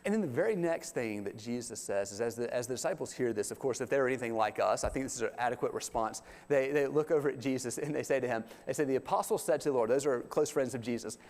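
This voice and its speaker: A man's voice: mid-range voice, fast, few pauses. Folksy man preaching in a hall. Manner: folksy, animated, acts out quotes. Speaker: pastor. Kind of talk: sermon. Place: church sanctuary. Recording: long hall reverb.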